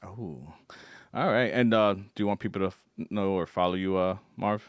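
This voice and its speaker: A man's voice: low-pitched, steady tone, moderate pace, clean tone, no room sound, studio quality. Laid-back male podcast host. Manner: laid-back, laughs often, filler-heavy. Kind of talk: casual chat.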